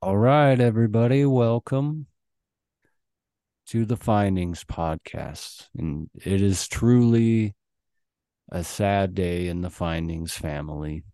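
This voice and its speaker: A man's voice: lowish voice, slow, mellow, dry recording, studio quality. A young man hosting a podcast in casual chat, telling stories loosely with lots of fillers and laughs. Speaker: podcast host.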